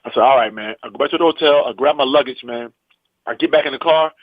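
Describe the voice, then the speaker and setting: Male comedian from the US East Coast, animated anecdote teller, somewhat dull audio. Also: fairly high pitch, quick pace, no room sound. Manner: animated, acts out every quote, salty language. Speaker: comedian guest. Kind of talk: storytelling anecdote. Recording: dull, dry podcast audio.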